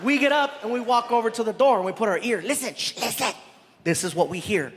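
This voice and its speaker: A high-voiced stand-up comedian telling a story animatedly on stage. His voice trails off in a long hall echo, with a loud crowd and noise throughout. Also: fast talker. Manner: animated, theatrical.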